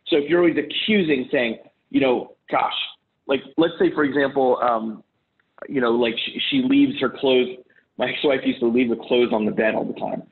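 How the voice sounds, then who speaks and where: A middle-aged man talks bluntly and swears freely as he coaches other men on arguments at home, slipping into heated quoted voices. His voice sits a little high for a man. The sound is thin and tinny, like it comes over a phone line. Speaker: relationship coach. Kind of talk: casual advice talk.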